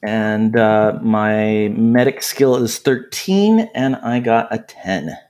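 A man's voice: lowish voice, slow, a little mellow. A man playing a character in a tabletop game, describing his actions casually. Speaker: player. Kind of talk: tabletop role-play.

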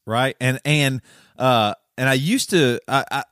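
A man with a Southern US accent talks casually on a podcast, rambling and circling back on himself. His pitch sits in the middle and the sound is dry and close. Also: a little slow, fairly bright tone, dry recording. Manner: rambling, self-correcting, laughs often. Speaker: podcast co-host. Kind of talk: casual chat.

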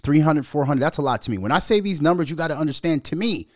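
A young adult man from Minnesota hosting a casual solo podcast, telling a story in a profane, animated way and laughing as he goes. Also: on the high side, fast talker, dry recording, clean studio sound. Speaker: podcast host.

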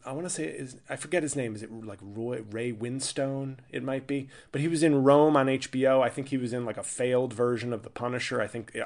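A man hosting his own podcast as a stand-up comedian, riffing in a rambling, irreverent, self-interrupting monologue. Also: mid-range voice.

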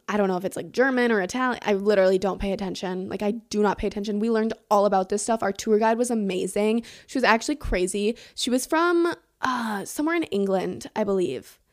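A woman's voice: medium pitch, a little mellow. A teenage girl hosting a casual storytelling podcast, chatty and rambling, with lots of "like" and "um" and casual swearing. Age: teens. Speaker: podcast host.

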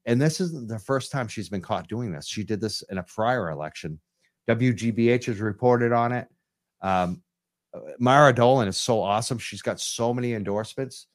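A man hosting a live call-in radio show, talking enthusiastically and rambling through restarts. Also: on the low side.

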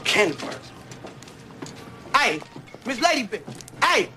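A brash young male robber, loud and taunting. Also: very high-pitched, big pitch swings, slow, faint music behind, exaggerated voice. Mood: mocking. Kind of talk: film scene played on a podcast.

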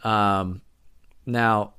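A man's voice: lowish voice, fairly even intonation, extremely slow, sharp tone, clear, resonant tone. A young man co-hosting a podcast in casual chat, explaining at length while hedging and correcting himself. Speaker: podcast co-host.

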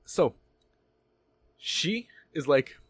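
A man's voice: a little high, very slow, slightly rough, no echo. A young man telling a story in casual chat, swearing freely and acting out what others said. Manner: profane, animated storytelling with mimicked voices.

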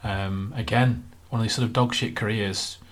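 Man, lowish voice, casual podcast co-host, runs through lists of names, filler-heavy. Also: fairly even intonation, normal speed. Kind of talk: casual football podcast chat.

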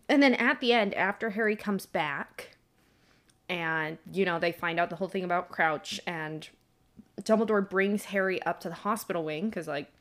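Young woman, casual podcast co-host, chatty, lots of "like"s. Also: lowish voice. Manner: chatty, many "like"s, laughs while retelling scenes. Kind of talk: casual book discussion.

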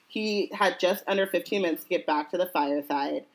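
A woman's voice: fairly low pitch, fairly quick, rough recording. A woman co-hosting a casual book podcast, reading passages aloud and breaking off for jokey asides with plenty of "like" and "um". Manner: chatty, jokey asides with lots of "like" and "um".

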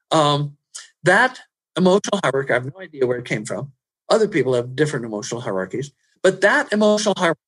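Guy telling stories in an interview, kinda high voice, gets loud and animated at the big parts. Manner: animated storyteller who rises loud for dramatic moments. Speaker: personal growth trainer. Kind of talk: storytelling in an interview.

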